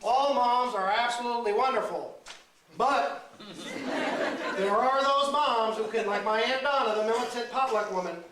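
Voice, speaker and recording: A man doing live stand-up comedy, teasing audience members in loud banter. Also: very high-pitched, normal speed. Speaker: stand-up comedian hosting a crowd game. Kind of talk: live stand-up with crowd work. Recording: echoey room, far mic, crowd noise.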